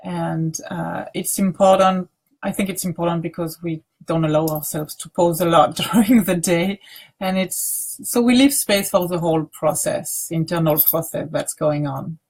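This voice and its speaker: A woman teacher leading a guided grounding practice, speaking softly with many pauses and restarts. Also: lowish voice, husky. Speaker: meditation teacher.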